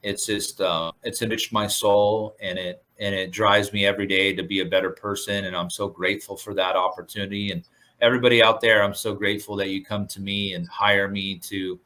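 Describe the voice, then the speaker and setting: A man's voice: fairly low pitch, flat delivery, moderate pace, bright, forceful tone. A man who works as a surf instructor, speaking earnestly and gratefully in a casual interview, with many fillers and restarts. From Southern California.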